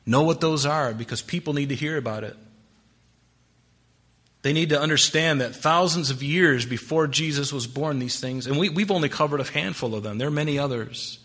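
A man preaching a sermon with a bright, forceful tone. He reads scripture aloud, presses key words hard, then drops to a hush. The delivery stays expository and earnest. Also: fairly high pitch, moderate pace, husky. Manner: swings between emphatic rises and hushed drops. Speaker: pastor.

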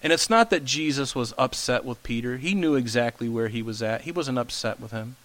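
A man's voice: mid-range voice, a little fast, a bit bright, rough recording. A male pastor preaching a conversational sermon, often asking the congregation questions. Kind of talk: expository sermon.

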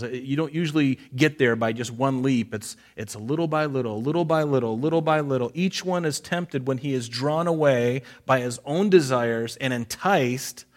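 This pastor's medium-pitched voice carries a folksy, conversational Bible-study sermon. He repeats phrases for emphasis and tells listeners to underline verses.

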